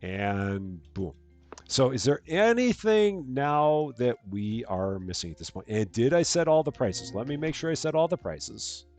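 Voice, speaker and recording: A man's voice: mid-range voice, sing-song, a little slow, a little mellow, soft background music. A man hosting a live stream of a store-running game, chatting casually, reading out jokes and greeting chat viewers. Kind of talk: casual gameplay commentary.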